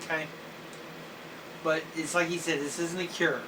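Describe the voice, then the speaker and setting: A man in a personal video diary, talking haltingly with many fillers and clearing his throat and coughing now and then. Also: on the high side, level tone. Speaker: vlogger. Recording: slightly distant mic with faint noise.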